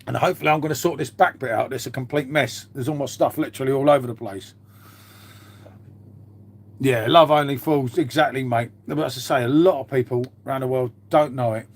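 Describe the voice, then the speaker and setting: A man's voice: mid-range voice, a little fast. A man chatting casually on a live stream from a half-converted garage at home, rambling, swearing now and then and calling everyone mate. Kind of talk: casual live-stream chat reading viewer comments.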